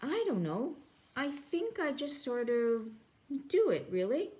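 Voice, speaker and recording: Dim-witted male alien guard, hulking, ponderous drawl, lively pitch, read by a woman. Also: takes it slowly, full character voice. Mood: puzzled.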